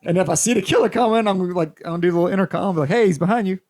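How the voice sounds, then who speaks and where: A man co-hosting a podcast in casual chat, telling profane, animated stories and acting out quotes. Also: sits high, very fast. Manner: animated, profane storyteller who acts out quotes. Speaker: podcast co-host.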